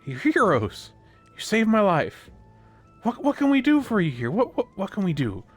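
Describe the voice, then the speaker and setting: Man voicing a tiny excited villager, high and breathless with eagerness, faint music under it. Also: normal speed, heavily acted. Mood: grateful. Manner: eager, gushing, repeats himself.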